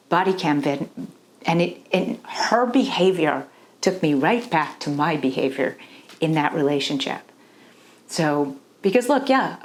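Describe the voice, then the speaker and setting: A woman who works as a relationship coach talks candidly and earnestly to the camera. Her voice sits lowish, and she shares her own experiences while frequently checking in with the listener.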